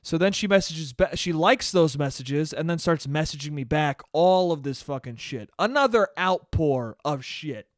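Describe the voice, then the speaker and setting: A young man hosting a solo podcast, telling a story in a profane, animated way and breaking into laughter. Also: a little high, normal speed, few pauses, no room sound, clean studio sound. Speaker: podcast host. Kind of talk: casual solo podcast monologue.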